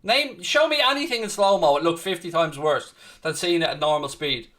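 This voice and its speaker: Man, high voice, bright and sharp, passionate rant, live watchalong host. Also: brisk. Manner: passionate, ranting, talks back to chat. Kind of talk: heated live football rant.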